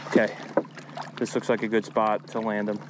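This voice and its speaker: A young man vlogging outdoors at a lake, giving excited live commentary to his viewers and repeating himself as he fights a fish. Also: fairly low pitch, normal speed, noisy background. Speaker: fishing vlogger.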